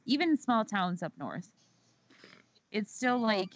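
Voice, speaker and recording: A woman's voice: mid-range voice, big pitch swings, a little slow. Chatty, profane woman podcast host. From Southern United States. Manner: profane, chatty, repeats words for emphasis. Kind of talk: casual chat. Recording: slightly dull audio.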